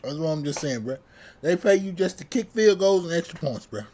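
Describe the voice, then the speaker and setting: A man's voice: a little high, expressive, fairly quick, darkish tone, slight background noise. A young man venting as a sports vlogger in a casual, heated fan rant, repeating himself and tossing in slang constantly. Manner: heated, repetitive, says bruh constantly.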